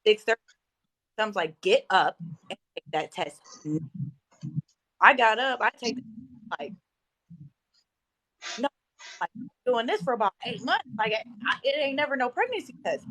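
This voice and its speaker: A woman's voice: on the high side, expressive, moderate pace, long pauses, a bit bright, dry recording, low-quality recording. A young woman guest telling a personal story in an emotional, conversational way.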